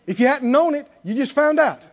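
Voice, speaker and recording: High-voiced preacher man, dull recording. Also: expressive, fairly quick. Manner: swings from quiet intimate storytelling to loud emphatic exhortation; leads call-and-response with the congregation. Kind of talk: sermon.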